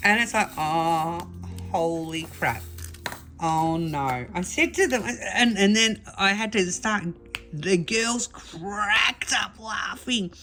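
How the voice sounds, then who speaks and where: A middle-aged Australian woman hosts a craft vlog, speaking slowly in a mid-range voice with faint music in the background. She tells a funny story to camera, chatty and laughing, in an animated retelling.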